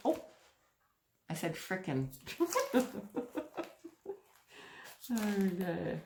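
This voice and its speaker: Slow-talking woman in an echoey room. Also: on the low side, background noise. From Canada. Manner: chatty, emotional, giggly, gushing. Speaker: crochet vlogger. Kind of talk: casual unboxing vlog.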